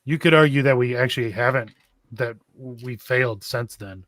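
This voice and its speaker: A man in casual podcast chat, speaking calmly and reflectively. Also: medium pitch, moderate pace.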